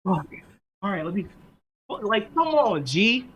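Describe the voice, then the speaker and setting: Podcast co-host, male, a bit high-pitched; heated, sarcastic, profane rant. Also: sing-song, slow, a bit bright, breathy edge, poor audio. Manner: heated, sarcastic, swears constantly. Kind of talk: profane ranting anime recap.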